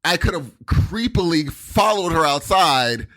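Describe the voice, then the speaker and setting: Rambling, animated man telling a story. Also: a little high, a little slow. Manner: rambling anecdotes with many fillers and quoted voices. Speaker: podcast co-host. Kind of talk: casual chat, storytelling.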